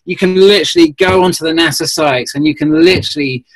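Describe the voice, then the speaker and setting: Man, earnest, rambling, restarts often, higher-pitched. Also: fast, rough recording. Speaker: guest. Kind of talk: conversational call-in chat.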